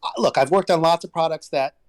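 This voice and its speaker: A man telling stories as an interview guest about his work developing products, rambling and animated, restarting sentences and jumping in pitch when he quotes people. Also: fast talker. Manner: rambling and animated, with many restarts and big pitch jumps when quoting others. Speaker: guest, former toy developer. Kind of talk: casual interview storytelling.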